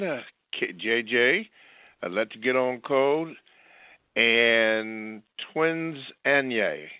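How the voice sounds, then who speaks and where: A man hosting a call-in radio show, greeting the chat room and bringing a caller on in a relaxed way. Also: low voice, dry recording. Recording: dry tinny phone-like line.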